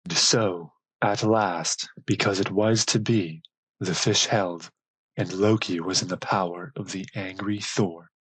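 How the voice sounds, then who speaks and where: Slow husky male audiobook narrator. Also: low-pitched, fairly even intonation, no room sound, poor audio. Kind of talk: scripted narration.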